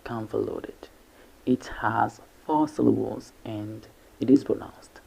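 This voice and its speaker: Gravelly, husky male English teacher. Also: lowish voice. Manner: repeats syllables slowly and deliberately. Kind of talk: pronunciation lesson. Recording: dull lo-fi recording.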